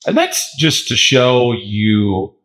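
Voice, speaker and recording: Lively, laughing man on a podcast. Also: fairly low pitch, slow pace. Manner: animated, laughs often, slips into joke accents. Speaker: podcast co-host. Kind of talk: casual chat.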